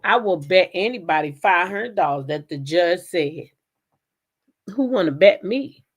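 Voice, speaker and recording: A woman host, telling a courtroom story in a casual, dramatic way with many asides to her viewers. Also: mid-range voice. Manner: animated, laughing, dramatic retelling with asides to viewers. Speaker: commentary channel host.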